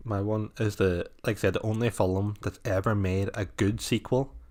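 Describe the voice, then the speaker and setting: This is a man with a lowish voice. He talks about films in a relaxed, chatty way. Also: moderate pace. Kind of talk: casual chat about films.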